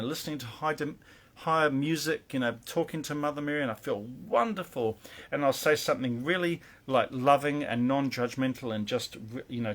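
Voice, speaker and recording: A man's voice: medium pitch, fairly bright tone. A man, a spiritual teacher, giving earnest, rambling advice in a casual monologue full of fillers and restarts.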